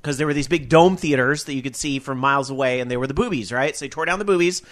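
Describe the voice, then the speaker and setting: A man's voice: mid-range voice, quick pace, fairly bright tone. A man hosting a live gaming podcast, chatting in a rambling, upbeat and casual way. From Northern California. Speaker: podcast host. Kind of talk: casual live radio chat.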